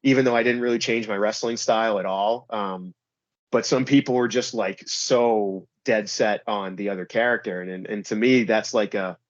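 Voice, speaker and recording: A man's voice: on the low side, fairly even intonation, normal speed, no echo. A man being interviewed as a wrestler, talking casually and rambling with lots of "like" and "you know". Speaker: pro wrestler guest. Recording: slightly dull, dry recording.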